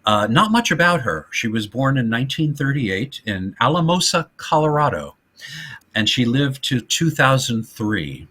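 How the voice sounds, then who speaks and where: Male podcast co-host, bright husky voice, animated storyteller, casual film chat. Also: medium pitch, normal speed. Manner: animated retelling, acting out quotes in voices.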